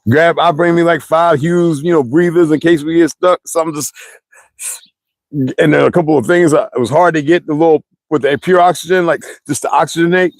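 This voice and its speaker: A man's voice: on the high side, steady tone, a little fast, no room sound. A man, telling rambling stories in a blunt, profane monologue to his viewers, heavy with slang. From United States. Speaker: streamer ranting to viewers.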